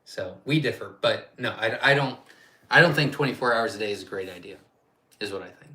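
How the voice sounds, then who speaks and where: A man's voice: on the low side, brisk, pushed and bright. A man hosting a casual live-stream Q&A as a quail farm owner, chatty and rambling, reading viewer questions aloud and answering off the cuff.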